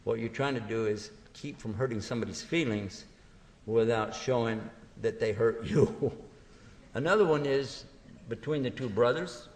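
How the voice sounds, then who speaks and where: A man giving a religious lecture to an audience, telling stories in a lively way and acting out small dialogues. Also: medium pitch. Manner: animated storytelling, acting out little dialogues. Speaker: Islamic lecturer. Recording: long hall reverb.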